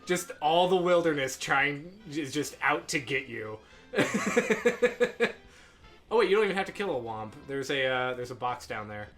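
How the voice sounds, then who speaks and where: A man's voice: on the high side, expressive, measured pace, a bit bright, faint music behind. A young man on a gaming podcast, chatting casually, laughing often and giving game tips. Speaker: podcast co-host and gamer.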